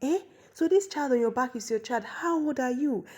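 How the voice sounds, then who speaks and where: A woman's voice: on the high side, brisk, darkish tone, lightly acted. A woman voicing a haughty queen who scolds market sellers. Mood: shocked. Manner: scolding, demanding.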